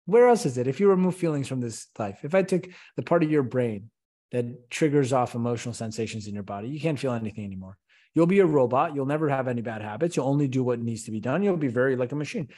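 A man being interviewed on a podcast, speaking with real passion and energy. He leans on rhetorical questions to make his point, and his voice sits in a middle pitch. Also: animated, quick pace, mellow. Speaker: podcast guest, company CEO. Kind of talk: conversational interview.

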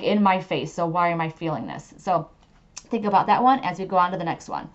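A woman hosting her own podcast talks in a chatty, emphatic way and leans on fillers like "okay." Her voice sits at an everyday middle pitch. The recording sounds a little dull and lo-fi. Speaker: podcast host and medium. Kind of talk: casual solo podcast talk.

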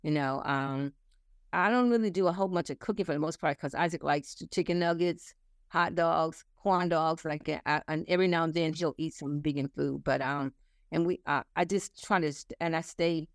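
A woman in her sixties speaks in a fairly low voice, earnest and animated, with laughs coming through as she talks. The sound is dry and close, with no room around it. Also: normal speed, clear, resonant tone, no echo. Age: 60s. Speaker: interview guest. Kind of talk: casual chat.

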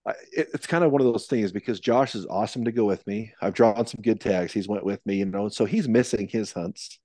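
Casting: man with a lowish voice, easygoing storyteller, rambling, dry close mic. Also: brisk, warm tone, no echo. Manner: rambling, many restarts and fillers. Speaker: podcast guest, elk hunter. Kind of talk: casual storytelling.

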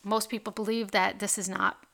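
A woman's voice: mid-range voice, level tone, normal speed, creaky, a bit bright. A woman hosting her own podcast in a casual monologue, chatty and full of "like" and tag questions such as "right?" and "okay?". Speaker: podcast host.

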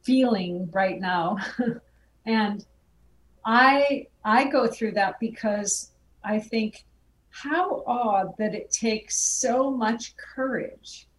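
A female guest filmmaker speaking heartfelt and reflective in a conversational interview. Her slightly high voice sounds set back from the mic in a roomy space, with faint noise underneath. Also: very slow, recorded from a distance.

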